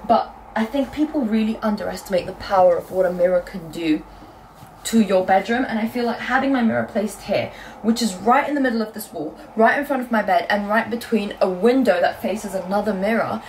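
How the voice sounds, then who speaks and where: A young woman from Britain chatting casually in a book vlog from her bedroom, telling stories in a lively, animated way. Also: medium pitch, far from the mic, a little hiss or hum, low-quality recording. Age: young adult. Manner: chatty, quick and animated storytelling. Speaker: book vlogger. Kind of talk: casual chat.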